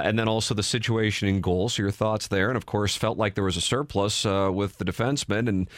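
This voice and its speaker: A man's voice: on the low side, no room sound, clean studio sound. Upbeat male sports radio host. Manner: upbeat, laughs often, polite. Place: radio studio.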